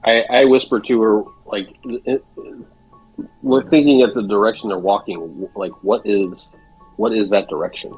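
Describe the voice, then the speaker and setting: Husky low-voiced man, hesitant player. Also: fairly even intonation, moderate pace. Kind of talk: tabletop game chat. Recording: dull lo-fi sound with faint music.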